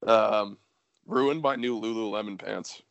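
A man's voice: on the low side, unhurried, gravelly, a bit bright, highs cut off, a little hiss or hum. A young man telling a story casually, rambling with lots of fillers and swearing.

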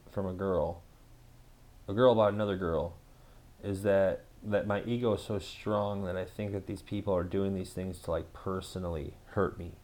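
A man's voice: deep voice, darkish tone. A man casually telling a story to camera, rambling with lots of fillers and swearing.

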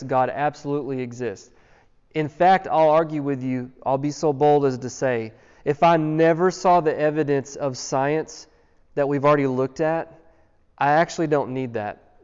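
A pastor preaches a sermon earnestly and emphatically, firing off one rhetorical question after another. His voice is a little high with a darkish, clean tone. The sound is dull, with long hall reverb.

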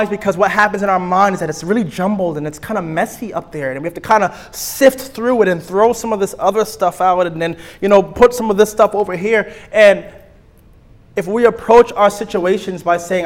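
A young man, a therapist teaching a church group in a lively, playful way, acting out little scenes and repeating his key points. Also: sits high.

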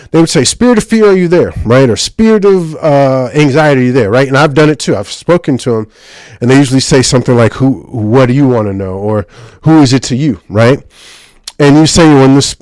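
A man preaching informally about deliverance prayer. He gets excited, speaks in quick bursts and keeps checking in with "right?". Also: mid-range voice, no room sound. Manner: excitable, rapid bursts, frequent "right?" tag questions. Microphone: handheld or stand mic, speaking to a live group.

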